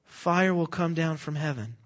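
Guy preaching a sermon, fairly high voice, keeps asking the crowd to finish his sentences, goes quiet then loud. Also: unhurried. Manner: asks the congregation fill-in-the-blank questions; swings between hushed and loud emphatic preaching.

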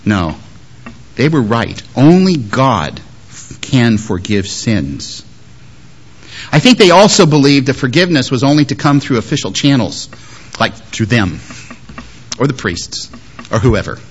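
A man preaching a sermon with a very lively, animated pitch. He swings from loud, pressing emphasis to hushed, gentle asides. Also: normal speed, pauses often, highs cut off, a little hiss or hum. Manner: lively, shifts between loud emphasis and soft quoted words. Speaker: pastor.

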